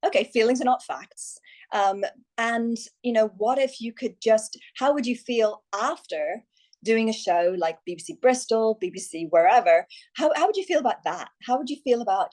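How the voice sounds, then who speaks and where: A woman's voice: on the high side, normal speed. Enthusiastic Irish woman coach. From Ireland. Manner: enthusiastic, animated, many fillers and restarts. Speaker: guest, success coach. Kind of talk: podcast interview.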